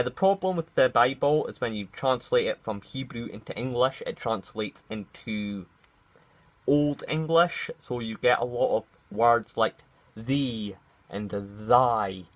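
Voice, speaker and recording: A man's voice: medium pitch, poor audio. A man vlogging in casual, rambling commentary, with many fillers and restarts.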